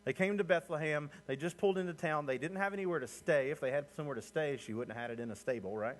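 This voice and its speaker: A man preaching a sermon in a conversational, storytelling way, often asking the listeners to imagine the scene. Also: fast talker. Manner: conversational, rising in pitch and energy as he builds points. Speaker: pastor.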